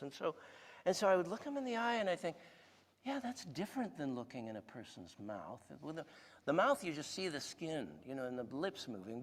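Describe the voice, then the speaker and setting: In a church hall with a big-room echo, a man in his sixties speaks as a guest preacher, his voice on the high side. His sermon is conversational: he tells stories and puts questions to the audience.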